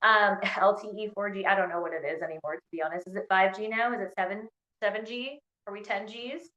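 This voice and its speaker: A woman leading an online training through her phone, talking in a bubbly, excitable way with lots of "like.". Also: mid-range voice, fast talker, reverberant, lo-fi sound. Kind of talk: live online workshop talk. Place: indoors in Scotland during a storm.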